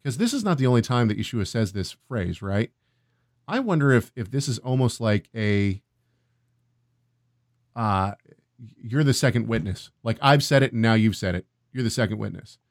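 A man co-hosting a casual scripture discussion, reading passages aloud and thinking out loud, often checking in with "right?". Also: mid-range voice, lively intonation, normal speed, no room sound, studio quality. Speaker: co-host of a Bible discussion.

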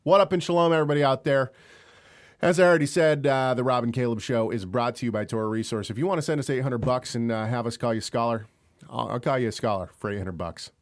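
A young man co-hosting an online radio talk show, rambling from one joke to the next and laughing as he goes. His voice sits at an ordinary middle pitch, and the talk is loose and casual. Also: quick pace. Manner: joking, rambling, laughs often. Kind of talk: casual chat.

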